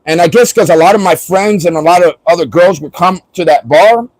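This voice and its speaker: High-voiced joking man streaming live. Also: fairly quick, a little mellow, no echo, poor audio. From Florida. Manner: joking, rambling, laughs often. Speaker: livestreamer. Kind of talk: casual livestream chat.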